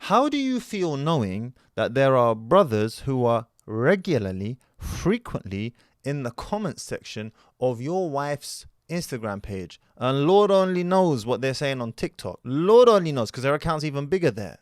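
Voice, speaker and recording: A young man lecturing his viewers in an emphatic, preachy commentary style. His pitch swings widely as he presses one rhetorical question after another. The sound is dry and close, with no room around it. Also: sing-song, moderate pace, hardly any pauses, no echo. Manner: scattered Arabic words in his speech. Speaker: online commentator. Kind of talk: opinionated commentary vlog.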